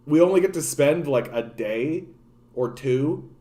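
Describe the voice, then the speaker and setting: A man's voice: a little high, lively intonation, unhurried, dark tone. A man from Canada hosting a casual political livestream, ranting in a profane, sardonic, rambling way and answering his chat. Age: adult, grown since his younger days. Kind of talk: casual rant to live chat.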